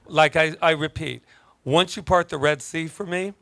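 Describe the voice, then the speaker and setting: A man preaching a casual sermon as pastor, telling stories in an animated, joking way. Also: fairly high pitch, normal speed, vocal fry. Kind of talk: conversational sermon.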